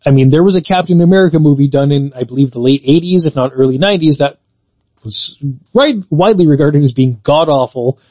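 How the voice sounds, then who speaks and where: Man with a highish voice, dry close sound. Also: a little mellow, dry recording. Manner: measured, explanatory, fond of qualifiers. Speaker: podcast co-host. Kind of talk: casual chat about games and movies.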